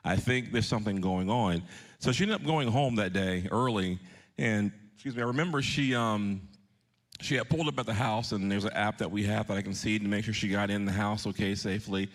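A man's voice: lowish voice, brisk. Man, 30s, pastor, sermon, earnest, personal story, direct questions to listeners. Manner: earnest, shifting pace for emphasis.

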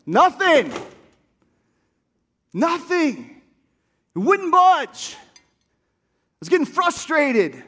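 A man with a very high voice delivers a sermon. He tells a story in a lively way and builds to shouted calls to his listeners. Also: extremely slow, long pauses, long reverb tail. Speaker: pastor.

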